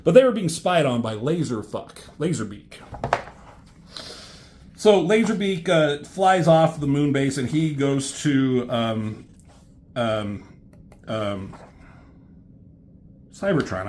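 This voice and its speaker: A man reviewing a comic in a casual, rambling way, swearing often and filling pauses with ums. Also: mid-range voice, lively intonation, darkish tone, a little hiss or hum. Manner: rambling, swears a lot, many fillers. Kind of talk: casual chat.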